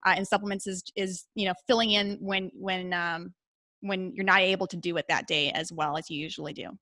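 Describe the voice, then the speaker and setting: A female podcast guest calmly explaining her view, with some hesitation. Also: on the low side, fairly quick. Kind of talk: casual chat.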